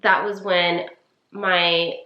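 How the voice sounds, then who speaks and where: A woman in her twenties co-hosts a podcast, speaking very slowly in a low, level voice. She gives earnest, heartfelt advice, says "like" constantly and calls her listeners "you guys." The audio has an echoey room, cut-off highs and a faint hiss or hum.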